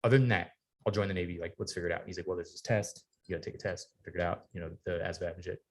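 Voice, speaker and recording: A man in his forties, a guest in a podcast studio, telling an animated, profane story and acting out the people in it. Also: low-pitched, rapid-fire. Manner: animated storyteller, acts out quoted people, swears freely. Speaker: podcast guest, retired Navy sailor. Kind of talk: casual storytelling interview.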